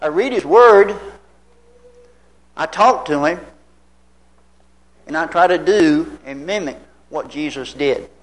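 A man's voice: on the high side, takes it slowly, long pauses, rough recording. A man in his seventies from Tennessee, preaching a sermon told as a folksy personal story full of rhetorical questions. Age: 70s. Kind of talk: anecdotal sermon.

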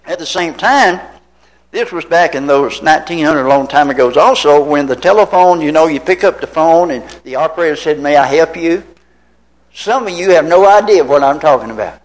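Speaking at a normal speed with lively intonation, a man with a slightly high voice tells a folksy personal story as a sermon, asking many rhetorical questions. He's in his seventies and hails from Tennessee. The recording is of low quality.

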